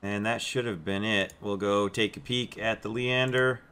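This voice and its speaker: Bright-voiced man chatting over gameplay. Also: on the low side, steady tone, moderate pace, clean tone. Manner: chatty, amused, puts on mock accents for jokes. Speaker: gameplay video host. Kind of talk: casual gameplay commentary.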